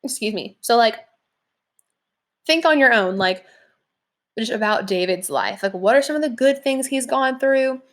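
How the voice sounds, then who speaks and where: A woman's voice: on the high side, animated, unhurried, pauses often. A young adult woman teacher giving a casual recorded lesson from home, chatty and informal, with many fillers. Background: leaf blower outside.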